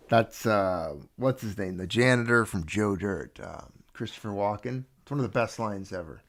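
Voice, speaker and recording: Man, livestream host, casual chat, gravelly voice, lowish pitch, greets viewers by name. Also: normal speed, hardly any pauses. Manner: chatty, greets viewers one by one.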